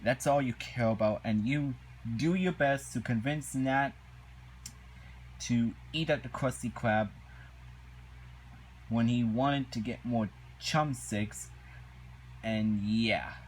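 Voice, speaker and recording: Guy doing a slow rambly review rant, keeps restarting, kinda indignant. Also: medium pitch, slight background noise, low-quality recording. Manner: halting, repetitive, indignant. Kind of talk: casual episode review rant.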